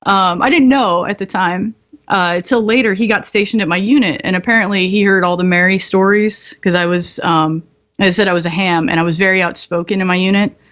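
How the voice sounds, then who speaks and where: A woman at an ordinary middle pitch tells her stories frankly and with plenty of swearing, laughing between lines. The sound is slightly dull and lo-fi, as if the top end were cut off. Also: steady tone, a little fast, fairly bright tone. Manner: candid, profane, laughs often. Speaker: podcast guest, military veteran. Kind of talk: casual storytelling.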